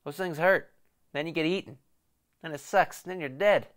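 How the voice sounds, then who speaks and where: A man's voice: a little high, a bit bright. A young man hosting a casual solo sports podcast, rambling and joking as he previews a game. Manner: rambling, joking, fast bursts. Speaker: podcast host.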